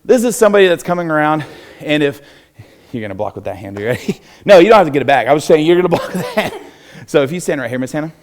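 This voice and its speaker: Young Texan man, martial arts instructor running a live class, cheerful and encouraging, voice a bit high. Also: sing-song, racing. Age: young adult. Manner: upbeat, encouraging, laughs often. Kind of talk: live self-defense class. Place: church hall.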